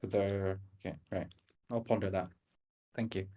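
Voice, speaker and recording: A man playing a tabletop game, asking quiet, thoughtful questions. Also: sits low, steady tone, normal speed. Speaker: player. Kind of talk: casual tabletop game chat.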